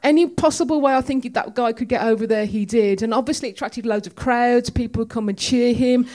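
A woman's voice: a little high, a little fast, a little mellow. A woman giving a conversational, storytelling sermon in a church. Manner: chatty, storytelling, with humor. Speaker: preacher.

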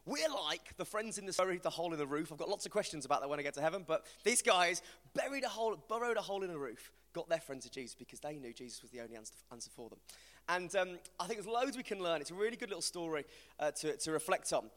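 A man's voice: on the high side, animated, quick pace, fairly bright tone. A man with a West Midlands accent giving a chatty, humorous evangelistic talk to a live audience, telling stories about a friend. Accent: West Midlands English. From West Midlands, England. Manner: chatty, storytelling, self-deprecating humour. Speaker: preacher. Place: large hall with an audience. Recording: hall reverb from a live event.

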